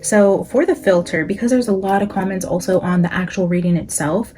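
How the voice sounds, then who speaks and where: A woman's voice: mid-range voice, fairly quick, dark tone. A young adult woman with a Californian accent, a psychic tarot reader chatting casually with her viewers and praying aloud. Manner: chatty, talks straight to viewers as "guys". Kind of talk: casual chat with viewers and spoken prayer.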